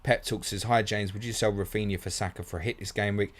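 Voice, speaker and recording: A man's voice: fairly low pitch, steady tone, fast talker. A man hosting a live fantasy football stream, bluntly answering viewer questions one after another and calling everyone mate. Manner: blunt, matey, rattles through questions, calls everyone mate.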